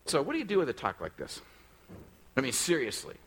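A husky-voiced man preaching a sermon, his pitch rising and falling in a lively sweep. As pastor he talks conversationally and keeps turning questions straight to the congregation. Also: a little fast, rough recording.

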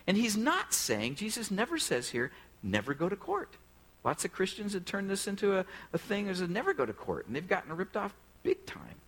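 A husky-voiced man preaching a sermon, his pitch rising and falling in a lively sweep. As pastor he talks conversationally and keeps turning questions straight to the congregation. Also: poor audio.

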